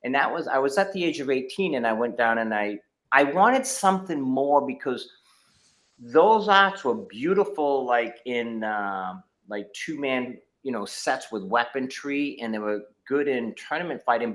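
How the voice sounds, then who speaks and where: A man's voice: medium pitch, lively intonation, a little slow, a bit bright. A middle-aged man, a martial arts instructor, telling his story in a casual interview over a video call, with many fillers and restarts.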